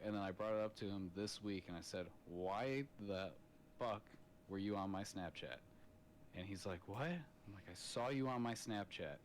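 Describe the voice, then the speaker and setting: A man's voice: on the low side, slight background noise. A man in his thirties, a father, chatting on a podcast in a blunt, profane storytelling manner. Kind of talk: casual podcast chat. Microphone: podcast microphone.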